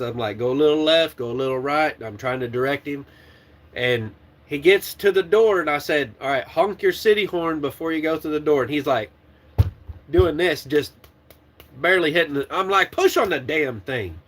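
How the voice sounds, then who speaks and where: A man who trains truck drivers, telling a story casually. He swears freely and laughs as he talks. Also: a little high. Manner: animated, swears and laughs while retelling.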